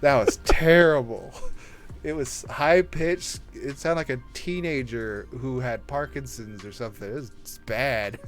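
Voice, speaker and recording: A man's voice: medium pitch, a little slow, hardly any pauses, soft background music. A man hosting a casual podcast chat, teasing his guest and laughing often. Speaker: host.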